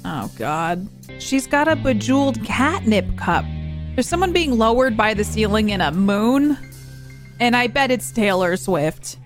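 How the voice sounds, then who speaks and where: A woman's voice sits slightly high as she talks through a film in a loose, chatty way, quick with dry, blunt jabs. Faint movie music plays underneath her. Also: sing-song. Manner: wry, chatty, frankly critical. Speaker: movie reaction vlogger. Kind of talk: casual reaction commentary.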